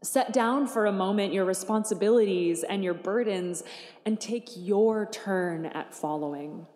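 Woman preaching in an echoing church. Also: mid-range voice. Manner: gentle, conversational, wry. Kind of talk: sermon. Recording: echoey church hall.

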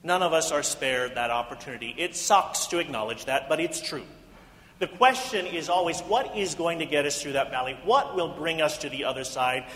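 Earnest preacher in an echoing hall. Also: male voice, a little high, moderate pace, fairly bright tone. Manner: earnest, rhetorical, builds to emphatic questions. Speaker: pastor. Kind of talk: sermon. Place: house of worship. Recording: echoey hall reverb.

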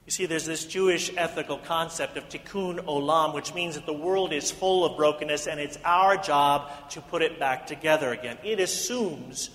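A man's voice: on the high side, normal speed, hardly any pauses, a bit bright. A male pastor preaching an earnest sermon full of rhetorical questions, speaking in a house of worship. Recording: echoey hall reverb.

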